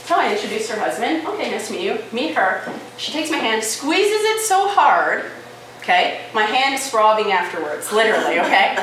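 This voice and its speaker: Lively woman speaking in an echoey hall. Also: mid-range voice, quick pace. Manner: lively, conversational, frequent "right?" and "okay?" asides. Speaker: conference speaker. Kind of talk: live presentation to an audience. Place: conference room with audience. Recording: echoey, distant hall recording with noise.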